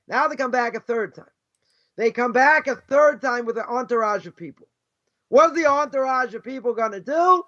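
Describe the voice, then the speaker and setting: A middle-aged rabbi teaches in an easygoing, conversational way, tossing in rhetorical questions and constant "you know"s. His voice sits unusually high for a man. The recording is dull and lo-fi. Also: fairly quick, a bit bright. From United States. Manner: chatty, peppers talk with "right?" and "you know", asks rhetorical questions. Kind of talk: casual conversational Torah lesson.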